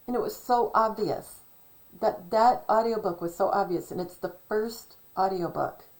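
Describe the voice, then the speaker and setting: A woman's voice: medium pitch, moderate pace, rough recording. Chatty woman rambling on her channel. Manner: chatty, self-correcting, digressive. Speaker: channel host. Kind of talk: casual rambling monologue.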